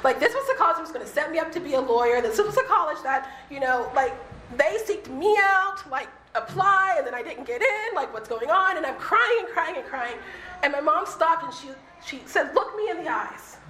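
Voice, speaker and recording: A woman giving a reflective faith talk, earnest and conversational, slowing down to stress key points. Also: high-pitched, lively intonation, sharp tone, slight background noise. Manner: earnest, conversational, slows for emphasis. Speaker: speaker. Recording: echoey room with faint ambience.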